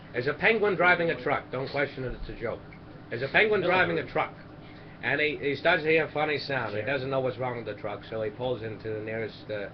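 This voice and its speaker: A man tells long jokes in a loose, rambling way, breaking off for asides and restarts as he hosts a charity stream. The audio is dull and lo-fi. A steady hum of noise sits underneath. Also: medium pitch. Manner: rambling, self-interrupting storyteller with asides. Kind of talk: casual joke telling.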